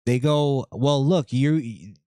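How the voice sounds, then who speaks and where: A man's voice: mid-range voice, slow, mellow, no echo. Male host, loose rambling delivery, dead-dry close mic. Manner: loose, rambling, reads items aloud. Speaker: podcast host. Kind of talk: casual podcast chat.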